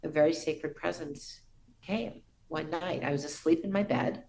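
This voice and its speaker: A middle-aged woman shares a personal story as a podcast guest, her voice low and touched with vocal fry. She speaks earnestly and reverently, sometimes restarting a phrase softly. A faint hiss sits under the recording. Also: moderate pace, rough recording.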